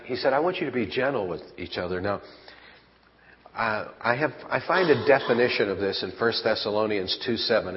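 A man preaching a sermon as pastor, folksy and conversational, asking his congregation rhetorical questions. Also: on the low side. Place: church. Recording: lo-fi church hall recording with long reverb.

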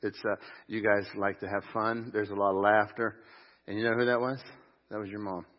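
A middle-aged man, the lead pastor, delivers a funeral eulogy in a low voice, drifting through warm stories with frequent fillers and restarts. The sound carries a long church reverb. The recording is muffled and lo-fi. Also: flat delivery, brisk. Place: church sanctuary.

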